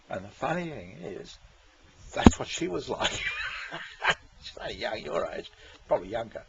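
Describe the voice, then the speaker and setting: A man's voice: medium pitch, very animated, unhurried, gravelly, background noise. A man, rambling in casual chat, swearing freely and chuckling often. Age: 60s. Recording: dull lo-fi recording.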